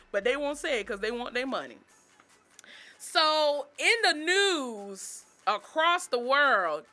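A young woman tells stories to her viewers in a casual vlog. She is brash and profane, and her delivery is animated. Her voice is high and bright. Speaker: vlogger. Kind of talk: casual storytelling monologue.

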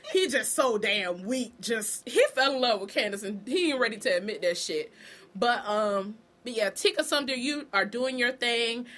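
A woman from Savannah, Georgia, recapping TV shows in a casual, profane and animated way. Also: fairly high pitch, normal speed. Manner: profane, animated, acts out characters. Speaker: TV recap vlogger.

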